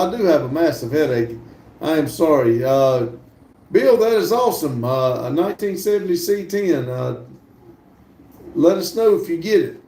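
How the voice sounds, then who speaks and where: With a slightly high, creaky voice, a livestream host chats casually and reads out viewer messages, laughing easily in a relaxed way. A distant mic makes the sound roomy.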